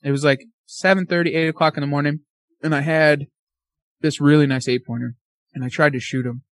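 A man's voice: a little high, a little fast, no room sound. Amped-up man telling a hunting story. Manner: animated storyteller, quoting himself and his friend. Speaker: podcast guest.

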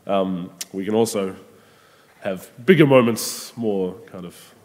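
A man preaches in an easy, conversational way, often pausing and restarting his thoughts. His voice sits on the low side. A long reverb trails his words, as in a large hall. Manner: gentle, conversational, with frequent ums and restarts. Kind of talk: sermon reflection.

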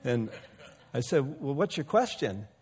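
A man in his fifties or older preaching a sermon, telling a personal story in a relaxed, conversational way with self-deprecating asides. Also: mid-range voice, moderate pace. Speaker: pastor. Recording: long hall reverb.

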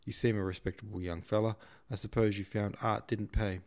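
A man reading a novel aloud, voicing a brusque, boastful middle-aged shop manager, a bit higher and louder than his narration. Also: flat delivery, a little fast, natural voice. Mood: pompous.

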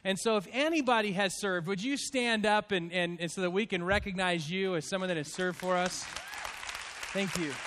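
High-pitched pastor guy, 50s, choked up, heartfelt halting talk to his church. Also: crowd noise, background noise. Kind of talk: church address to congregation.

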